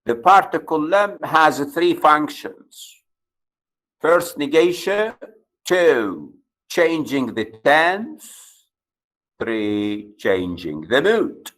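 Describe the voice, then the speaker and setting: A man's voice: on the high side, sing-song, extremely slow, fairly bright tone, rough recording. A man with an Arabic accent, a native Arabic speaker, giving a university grammar lecture and stressing key words as he explains.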